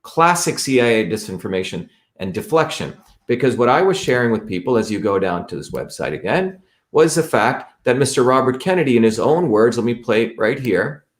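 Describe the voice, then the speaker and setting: A man's voice: mid-range voice, big pitch swings, a little fast. A man hosting a live stream, talking emphatically and repeating his points as he walks viewers through a website. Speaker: host.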